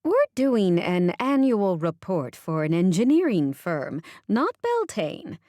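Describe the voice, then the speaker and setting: An excitable older mother and boss in a romance audiobook, as a woman narrator puts her on. She talks in a brisk, formal, commanding way and gushes when excited. Her voice is pitched above the narrator's low speaking voice, and the recording is dry and close. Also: no room sound. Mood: chatty.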